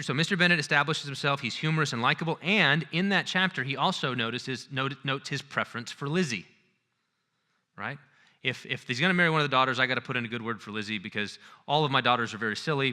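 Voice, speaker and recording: A male lecturer giving a conference talk in an animated, conversational way, acting out scenes as he goes. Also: medium pitch.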